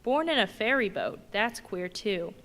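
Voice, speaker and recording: A woman reading the lines of a domineering male ship's mate in a brisk, bossy questioning manner. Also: mid-range voice, animated, fairly bright tone. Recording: long reverb in a big hall.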